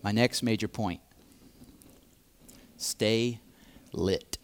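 A man preaching a sermon, speaking deliberately and repeating key phrases for emphasis. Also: fairly low pitch.

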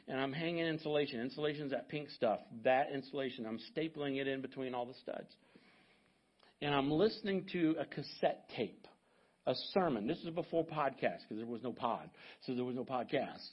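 A man in his fifties, a pastor preaching a sermon and telling a personal story with animated asides to the congregation. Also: a little high, highs cut off.

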